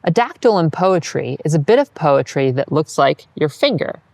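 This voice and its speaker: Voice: mid-range voice, very animated, moderate pace, gravelly, darkish tone, no room sound. A patient Latin teacher giving scripted instructional narration, modeling each phrase and then encouraging the listener to repeat it.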